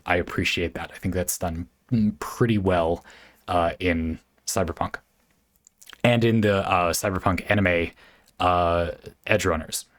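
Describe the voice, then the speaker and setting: A man hosting his channel, musing in a rambling casual way with many fillers and restarts as he thinks aloud. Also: low voice. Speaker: channel host. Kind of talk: casual commentary on game design.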